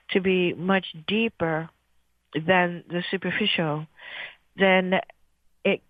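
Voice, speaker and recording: A woman radio host leading a guided breathing meditation in a slow, soothing, gentle way. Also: fairly low pitch, no echo. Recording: thin phone-like sound.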